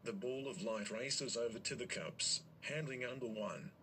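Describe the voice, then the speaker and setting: A man narrating an improvised story in a rambling, crude and excitable way. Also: mid-range voice, moderate pace, a little hiss or hum.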